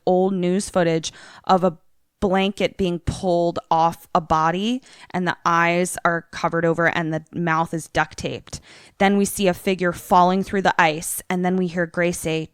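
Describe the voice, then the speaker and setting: A woman's voice: fairly low pitch, clean tone, no room sound, clean studio sound. A young woman co-hosting a podcast, casually retelling a movie trailer with many fillers. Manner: chatty, filler-heavy, lots of "like". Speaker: podcast co-host.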